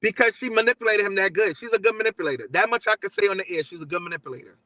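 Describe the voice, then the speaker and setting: New man, guest father; quick, bright, animated storyteller, voices the other parties himself. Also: sits high, no room sound, poor audio. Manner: animated, acts out both sides of texts and talks. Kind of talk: casual storytelling.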